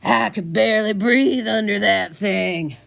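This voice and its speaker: A woman's voice: mid-range voice, unhurried, creaky, a bit bright. A woman voicing a tiny, grumpy male gnome who is out of breath and wheezing.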